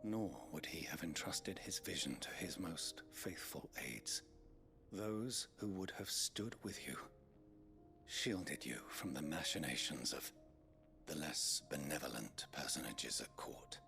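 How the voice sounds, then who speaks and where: An actor playing a loyal, courtly scholar-aide in a video game, speaking with formal deference. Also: male voice, rumbling low, expressive, unhurried, gravelly, sharp tone, full character voice. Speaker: game character. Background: game music.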